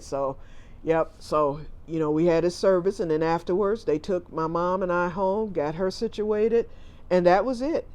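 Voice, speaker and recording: A man's voice: on the high side, darkish tone. A middle-aged man, a family caregiver, telling a personal story in a chatty, rambling way, often retelling what people said.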